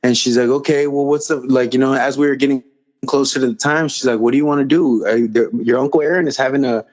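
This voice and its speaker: Male podcast guest, casual rambling storyteller who acts out dialogue, average pitch, muffled lo-fi mic. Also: steady tone, quick pace. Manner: rambling, repeats phrases, acts out quoted dialogue. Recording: slightly dull lo-fi audio.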